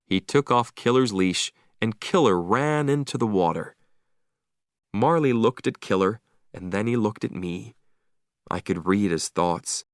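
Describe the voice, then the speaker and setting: A man reading a story aloud slowly and clearly for English learners, with expressive delivery. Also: deep voice, no room sound, studio quality. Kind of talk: slow read-aloud story narration.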